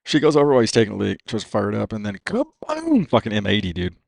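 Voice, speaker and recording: Fast-talking, profane storyteller man. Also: fairly low pitch, vocal fry, no echo, studio quality. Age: 50s. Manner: profane and animated, says "dude" constantly. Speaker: podcast guest, racer. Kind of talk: casual storytelling.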